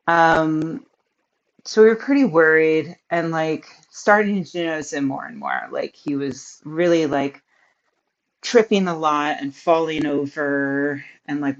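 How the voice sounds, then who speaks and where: A woman's voice: sits low, dull audio. A woman in her thirties telling a personal story in a home office, chatty and rambling, with many fillers and laughs. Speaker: vlogger. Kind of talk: casual storytelling to camera.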